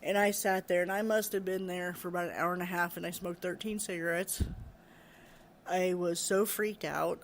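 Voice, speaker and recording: Halting woman telling a ghost story. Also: fairly low pitch, fairly even intonation, slight background noise. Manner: halting, repeats words, nervous laughs. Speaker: care worker recounting a paranormal experience. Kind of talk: personal storytelling.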